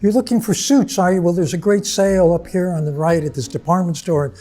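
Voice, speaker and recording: An older man briefly voicing a cheerful, chatty city bus driver who greets passengers warmly. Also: high-pitched, a little fast, pitched above the performer's own voice. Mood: friendly. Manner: warm, friendly, sociable.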